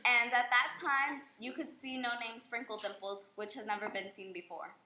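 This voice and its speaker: A woman's voice: on the high side, fairly even intonation, moderate pace. A teenage girl telling her own short story in a plain, earnest way. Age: teens. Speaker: young storyteller. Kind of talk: reading a story aloud. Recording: echoey room with faint noise.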